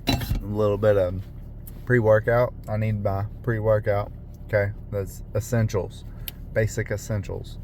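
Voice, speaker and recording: Young male driver, low voice, unhurried rambling vlog from the car. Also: little pitch movement, a little mellow, a little hiss or hum. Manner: rambling, with many fillers and restarts. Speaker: rideshare driver. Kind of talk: casual vlog monologue. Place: parked car.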